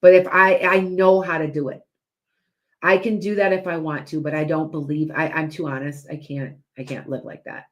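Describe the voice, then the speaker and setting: A woman's voice: low voice, fairly even intonation, normal speed, highs cut off. A woman hosting a live stream as a psychic and hypnotist, chatting to viewers in a rambling way with lots of restarts and asides.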